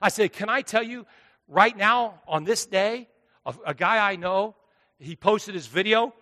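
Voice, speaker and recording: A high, bright male pastor delivers a sermon, dropping to hushed asides and then rising to loud, driving lines. His voice carries a long hall reverb. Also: measured pace. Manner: preaching with sweeping swings between hushed and loud.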